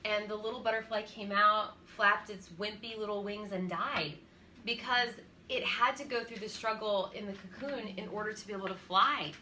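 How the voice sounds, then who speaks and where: A woman's voice: medium pitch, fairly even intonation, moderate pace, pushed and bright, slight background noise. A woman in her forties co-hosting a faith-based parenting chat, telling stories earnestly and laughing easily. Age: 40s. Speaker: co-host.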